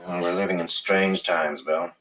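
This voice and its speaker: An actor playing a grave plantation master in a film, speaking in a measured, formal way. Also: male voice, sits low, steady tone, bright, forceful tone, a little hiss or hum.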